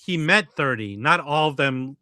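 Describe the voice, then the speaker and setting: A man's voice: on the high side, animated, normal speed, sharp tone, dry recording, clean studio sound. A man in a casual livestream chat who keeps cutting in with joking announcements. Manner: interrupts with jokey announcements. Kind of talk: casual banter.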